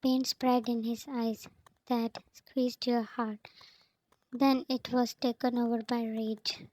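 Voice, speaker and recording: A woman reading fanfiction aloud in a flat, even way, naming each speaker before their lines. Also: on the high side, takes it slowly, no echo, rough recording. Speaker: fanfiction reader.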